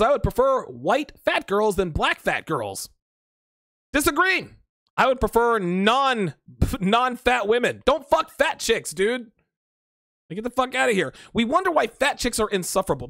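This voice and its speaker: A man's voice: high voice, sing-song, moderate pace, fairly bright tone, no echo, studio quality. A grown man hosting a casual livestream, reading chat comments aloud and answering them bluntly and profanely, often laughing. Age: adult.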